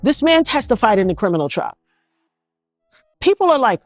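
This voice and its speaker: A middle-aged woman from New York City recounting being shot, in an animated, emotional storytelling manner full of restarts. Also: fairly high pitch, normal speed, pauses often, dry recording, clean studio sound, soft background music. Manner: animated, acts out others' voices, frequent restarts. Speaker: interviewee recounting a shooting.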